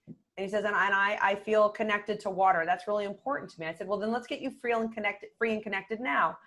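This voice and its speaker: Calm, soft-spoken woman coach. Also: medium pitch. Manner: calm, measured, often drops to a quiet voice. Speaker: podcast guest, communication coach and author. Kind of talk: conversational podcast interview.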